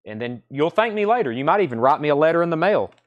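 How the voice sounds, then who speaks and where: A man's voice: on the high side, very animated, fast, highs cut off. A man hosting a live-stream record sale, talking in breezy, joking sales patter with repeated catchphrases.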